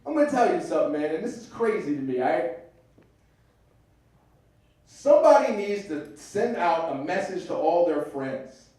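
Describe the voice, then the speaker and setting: A man's voice: fairly high pitch, big pitch swings, normal speed, long pauses, mellow. A man doing a stand-up comedy set in a comedy club, telling stories in a loose, profane way. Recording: echoey club from far off.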